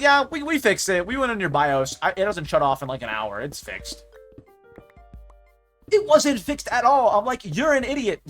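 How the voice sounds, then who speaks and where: A man's voice: sits high, a bit bright. A young man streamer in casual chat, ranting in exasperation and swearing freely as he mimics the people he talks about.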